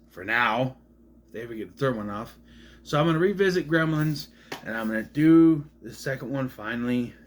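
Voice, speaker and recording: A man casually showing off his film collection on camera, rambling, joking and swearing now and then. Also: fairly high pitch. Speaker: collection vlogger. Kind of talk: casual show-and-tell chat.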